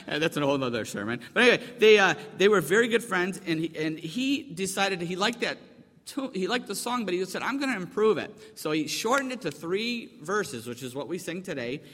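Male pastor, slightly high voice, chatty and joking, reverberant sanctuary. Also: very animated, fairly quick, fairly bright tone. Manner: chatty and joking, asks the congregation questions. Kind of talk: conversational sermon. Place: church sanctuary. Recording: long hall reverb.

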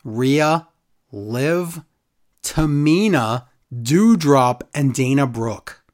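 A man's voice: mid-range voice, expressive, extremely slow, a little mellow. A man co-hosting a casual wrestling recap chat, sarcastic and exasperated. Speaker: podcast co-host.

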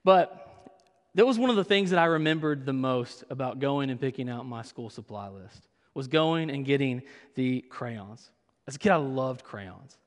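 A man's voice: mid-range voice, animated, normal speed. A young man from Kentucky, preaching a sermon as pastor and telling humorous family stories. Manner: humorous storytelling. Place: church sanctuary. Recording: long hall reverb.

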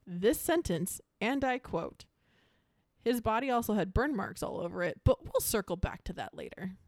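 A young woman of middling pitch hosts a casual podcast and reads out her notes, breaking in with jokey, self-mocking asides. The sound is dry and close with no room echo. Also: big pitch swings, moderate pace, darkish tone. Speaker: podcast host presenting a case. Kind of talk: casual chat reading from notes.

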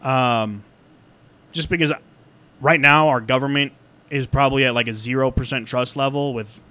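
A man co-hosting a podcast in casual chat, animated and swearing, acting out imagined dialogue. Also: mid-range voice, normal speed. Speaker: podcast co-host.

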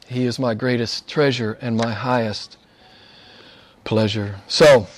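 A man preaching a sermon in a conversational way, asking rhetorical questions and repeating phrases for emphasis, dropping quiet and low and then rising loud and excited. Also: takes it slowly, a little hiss or hum. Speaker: pastor.

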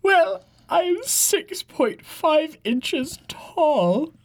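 A woman's voice: high-pitched, sing-song, extremely slow, pitched above the performer's own voice, heavily acted. A woman voicing a chatty, rambling male leprechaun hitchhiker with a Southern Irish accent, reading a comic monologue. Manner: rambling, laid-back, stumbling over words.

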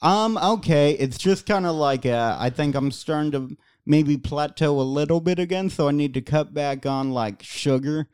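A man's voice: moderate pace, few pauses, a little mellow, clear, resonant tone, dry recording, clean studio sound. Laughing, jokey young man. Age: young adult. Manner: laughs a lot, jokey, does squeaky mock voices. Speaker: podcast co-host. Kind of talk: casual chat.

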